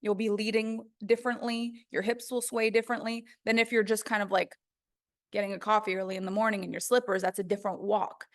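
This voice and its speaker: A woman's voice: mid-range voice, level tone, a little fast. A woman teaching a course on the voice in a casual, chatty way, full of "like" fillers. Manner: chatty, conversational, many "like" fillers.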